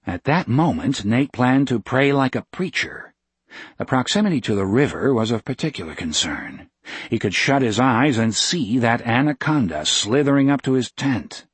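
A man narrating an audiobook in a measured, even manner. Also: medium pitch, husky, no echo. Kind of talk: scripted narration.

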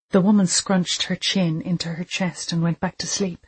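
An audiobook narrator reads a dark thriller in a calm, measured way. The voice is mid-pitched and noticeably breathy, with steady scripted pacing.

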